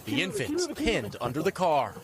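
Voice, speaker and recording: A man's voice: a little high, normal speed, very noisy. A man correspondent narrating a dramatic news package. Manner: dramatic, animated reporting.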